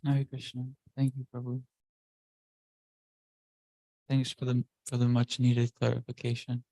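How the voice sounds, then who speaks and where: Class speaker, male, gravelly and mellow, rambling storyteller who keeps correcting himself. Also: mid-range voice, completely flat delivery, a little slow, dry recording, low-quality recording. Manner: meandering, self-correcting.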